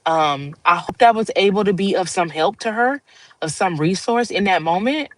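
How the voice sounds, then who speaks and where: A woman's voice: medium pitch, expressive, moderate pace, low-quality recording. A woman hosting a livestream, talking to viewers in a casual, heartfelt monologue. She rambles earnestly and laughs often. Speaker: livestream host.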